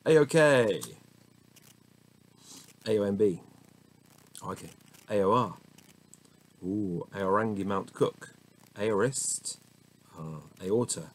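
Low-voiced man reading dictionary words. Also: slow, long pauses, low-quality recording. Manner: muttering, stumbling over pronunciations with asides. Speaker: host reading the dictionary aloud. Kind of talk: casual word-by-word reading. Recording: faint background noise.

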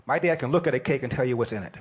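A man in his sixties giving an animated, plain-spoken storytelling speech. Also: medium pitch, rapid-fire, husky. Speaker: speaker at an event.

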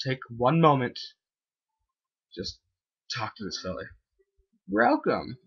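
A man giving let's-play commentary, excitable, whooping and yelling at the game in a husky voice. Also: mid-range voice, slow pace, lo-fi sound. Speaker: gamer playing a video game.

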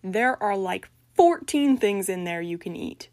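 A woman's voice: mid-range voice, animated, unhurried, darkish tone, dry recording. A woman voicing a casual, exasperated young man whose body has been taken over, in a storybook reading. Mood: resigned.

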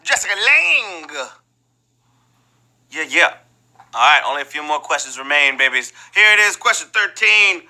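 A man hosts a live trivia game in a playful, joking way. His voice is very bright and sharp, with pitch leaping around as he exclaims, and slightly higher than most men. Faint music plays underneath. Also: animated, a little fast, poor audio. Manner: playful, exclaims and jokes between questions. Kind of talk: energetic live game-show hosting.

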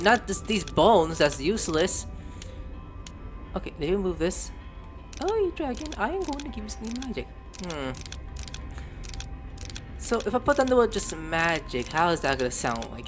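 A man giving casual let's-play commentary, reading on-screen text aloud, spelling out words letter by letter, and swearing when surprised. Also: high voice. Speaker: gameplay streamer. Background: game music.

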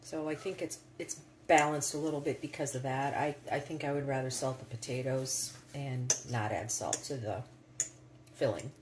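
Low-voiced woman in an echoey kitchen. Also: moderate pace, background noise. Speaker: co-host tasting the food. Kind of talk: casual chat.

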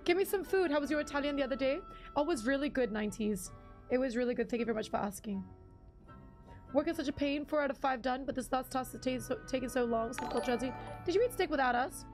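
A young woman chats casually with her live-stream audience, laughing often and thanking viewers by name. Her voice sits high and bright in pitch. Faint game music plays softly behind her. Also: expressive, fast talker. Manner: chatty, giggly, reads chat names aloud.

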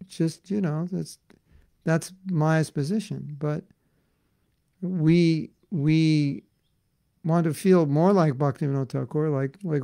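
A man teaching a devotional class in an earnest, conversational way, full of casual fillers, swinging between loud emphasis and soft asides. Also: fairly high pitch, fairly even intonation, a little slow, gravelly, dry recording. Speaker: spiritual teacher.

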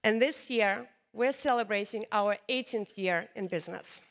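A woman delivers a keynote speech about her own path. She speaks earnestly and with determination, her English slightly in its grammar. Her voice sits at an ordinary mid pitch for a woman. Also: moderate pace, a loud crowd, very noisy. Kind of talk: keynote speech, personal storytelling.

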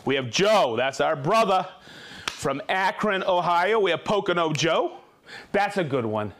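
A man with a high voice hosts a live stream and rattles off viewers' names and hometowns. He is upbeat and jokey, and he trips over the tricky names as he goes. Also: lively intonation, measured pace, fairly bright tone. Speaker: host of a live tool stream. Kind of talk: reading out viewer shout-outs.

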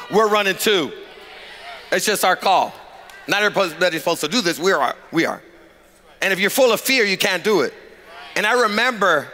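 A man preaching a sermon as pastor, using call-and-response and swinging from shouted lines to quiet asides. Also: sits high, in a large hall.

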